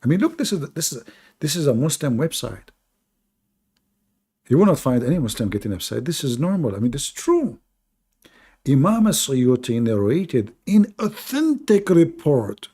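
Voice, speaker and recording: A man's voice: on the high side, big pitch swings, moderate pace, dark tone, slightly rough. A man hosting a live online debate and talking in a sarcastic, mocking way, often laughing at his own points. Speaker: live debate show host.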